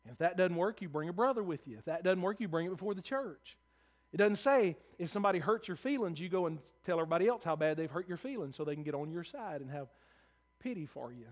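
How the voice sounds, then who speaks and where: Man, pastor, sermon, high voice, earnest, repeats words, soft to emphatic. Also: expressive, fast. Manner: earnest preaching, repeats words when starting phrases; swings between soft low passages and raised emphatic ones.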